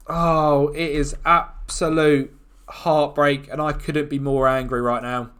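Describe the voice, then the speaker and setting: A man commentating on his own football management game, excitable and quick to groan and shout at the action. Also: on the high side, smooth. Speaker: gaming YouTuber.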